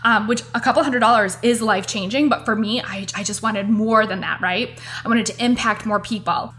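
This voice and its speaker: A woman's voice: fairly high pitch, fairly quick, a bit bright, faint music behind. Chatty woman podcast host. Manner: earnest, chatty, addresses listeners as "you guys". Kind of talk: casual motivational podcast monologue.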